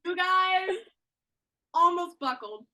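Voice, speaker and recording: A woman's voice: very high voice, lively intonation, slow, pushed and bright. A young woman co-hosting a podcast, telling a story casually and gushing, with lots of fillers. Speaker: podcast co-host.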